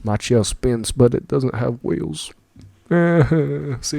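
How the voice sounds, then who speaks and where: A man's voice: medium pitch, very slow, vocal fry, warm tone, no room sound. A man giving casual, rambling reaction commentary, with lots of fillers and frequent laughter. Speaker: video reactor.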